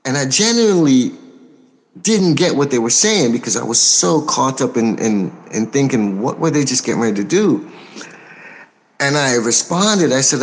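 An American man talks through an interview as a record producer. He is measured and unhurried, pausing often with soft fillers, yet stays forthright and outspoken. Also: mid-range voice, lively intonation. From United States. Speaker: record producer and label owner. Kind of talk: interview answers.

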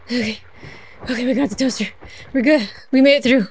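Her voice is high-pitched with a breathy edge, and she talks slowly with frequent pauses as she streams a horror game. She's a chatty, giggly young woman who keeps talking back to the game in casual commentary.

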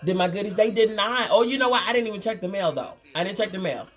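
A woman, hosting a casual makeup livestream and chatting warmly with viewers. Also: mid-range voice, fast talker. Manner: chatty, reads viewer comments aloud, calls them girl and honey. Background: faint Christmas music.

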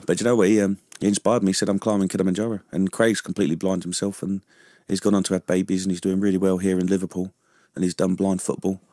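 Low, warm, and level, the Londoner's voice moves fast as he chats in a casual radio studio interview, laughing often. The veteran guest keeps asking "you know what I mean?", and the studio-quality recording has no echo.

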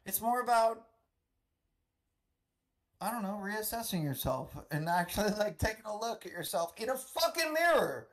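A man's voice: high-pitched, big pitch swings, moderate pace, pauses often, fairly bright tone. A man chatting as a guest on a live stream, swearing often and rambling in a self-deprecating way. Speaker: departing radio show guest. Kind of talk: casual stream chat.

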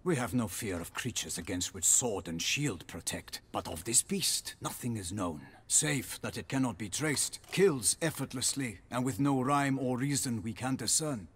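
Brief: solemn game knight, husky and formal. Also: male voice, medium pitch, animated, a bit bright. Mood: grave. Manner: formal, measured, archaic phrasing. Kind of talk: video game voice acting.

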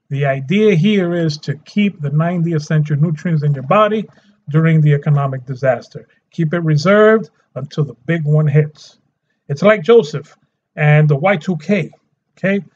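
A man's voice: a little high, measured pace, darkish tone, muffled recording. A man hosting a health channel, delivering a scolding, emphatic rant to his viewers. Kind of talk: ranting monologue.

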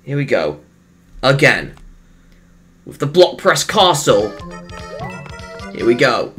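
Excitable gamer with a lively, swooping voice. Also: medium pitch, slow pace, soft background music. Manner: excitable, exclaims and laughs often; rambling jokey asides. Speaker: let's play gamer. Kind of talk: casual gameplay commentary.

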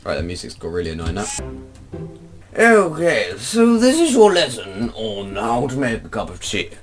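A man's voice: lowish voice, wildly swooping pitch, moderate pace. Goofy man rambling over a game. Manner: silly, sing-song rambling with mock accents. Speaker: gaming video creator. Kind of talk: goofy gameplay commentary. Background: loud game music.

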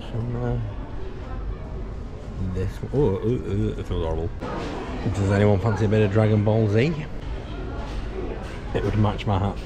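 Over heavy background noise, a British man with a fairly low voice vlogs his day in British English. He's chatty and pokes fun at himself, tossing in playful sing-song asides.

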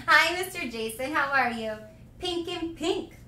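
A young woman streaming live, chatting with viewers and thanking them in a bubbly, gushing way with excited shouts. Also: high-pitched, very slow, far from the mic, slight background noise. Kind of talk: live stream chat, reading donations. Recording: echoey room, voice a little off-mic.

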